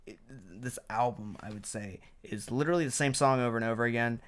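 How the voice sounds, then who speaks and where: A man co-hosting a casual podcast, reviewing an album in a blunt, profane way that grows loud and heated. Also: medium pitch, brisk.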